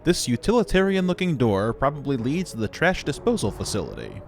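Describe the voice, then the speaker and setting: A man's voice: mid-range voice, huge pitch swings, a little fast, creaky. A man voicing the sarcastic narrator of a sci-fi adventure game, mocking the player's failures in a wry tone.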